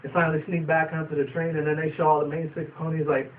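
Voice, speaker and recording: A man's voice: fairly high pitch, level tone, fast talker. A young man casually reviewing a cartoon episode, rambling with fillers and casual swearing. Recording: distant tinny phone-like sound, faint noise.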